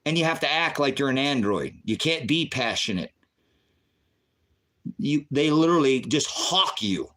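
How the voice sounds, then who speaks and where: A man preaching on his own channel, fervent and confrontational, firing off rhetorical questions and swinging between low mutters and loud outbursts. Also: animated, measured pace. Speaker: online preacher and channel host. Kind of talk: impassioned livestream preaching.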